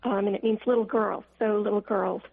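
Woman in her fifties, earnest caller, raspy fry in the voice, phone-line sound. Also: mid-range voice, steady tone, a little fast. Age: 50s. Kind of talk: call-in radio caller.

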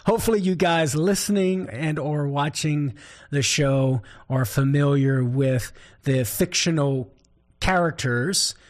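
A man from southern Louisiana with a Cajun accent, hosting a talk show as a Catholic apologist and telling a joke with animated delivery. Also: medium pitch. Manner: animated storyteller, chuckles often. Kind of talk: scripted talk-show commentary.

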